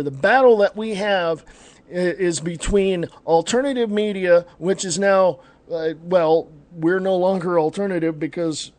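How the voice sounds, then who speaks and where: A talk radio host, a man with a fairly high voice for a man, rants in a blunt, combative way. He rambles and stops to correct himself. He is recorded dry and close to the mic, with no room sound. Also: darkish tone, dry recording. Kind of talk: ranting opinion talk show.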